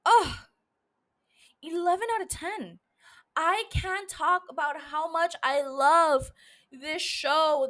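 A woman's voice: sits high, pushed and bright. A woman hosting a solo podcast from her room into a mic, blunt and emotional, swearing freely as she rants and gushes. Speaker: podcast host. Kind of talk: casual solo podcast talk. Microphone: studio mic.

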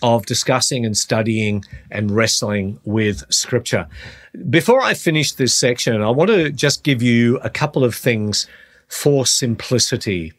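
A middle-aged man hosting a podcast, talking earnestly through a Bible teaching and slowing down on the points he wants to stress. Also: mid-range voice. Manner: earnest, slows down on key phrases. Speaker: podcast host, Christian teacher.

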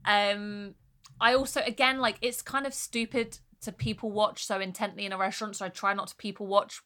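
A young woman chatting on a podcast, her voice bright and clear. She tells her stories candidly and easily, dropping in a casual swear here and there. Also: medium pitch, steady tone, a little fast. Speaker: podcast co-host. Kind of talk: casual chat.

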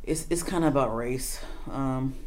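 Low-voiced woman in loud casual chat. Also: normal speed. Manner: animated, swearing, repeats "what?" in disbelief.

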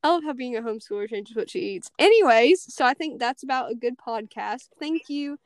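A young woman hosts a casual podcast, her voice sitting high and bright. She rambles and giggles, stringing thoughts together with "like." The sound is close and dry, with no room around it. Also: lively intonation, fairly quick, dry recording. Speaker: podcast host. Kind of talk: casual chat.

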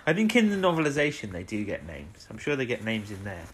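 A man's voice: lowish voice, wildly swooping pitch, quick pace, a bit bright, slight background noise. A man co-hosting a podcast, recapping a TV episode in rambling, casual chat and leaning on tag questions. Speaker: podcast co-host.

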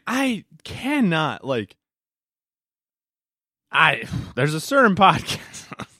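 A man's voice: medium pitch, pushed and bright, no room sound, studio quality. A young man talking casually on his solo podcast, rambling with lots of fillers and self-corrections. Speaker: podcast host.

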